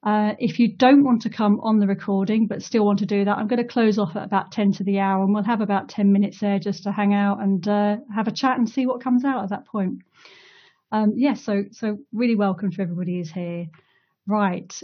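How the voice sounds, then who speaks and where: A woman's voice: medium pitch, steady tone, a little fast, highs cut off. A woman hosting a casual online interview, chatty, laughing easily and using many fillers, speaking over a video call. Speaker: host of an online community talk.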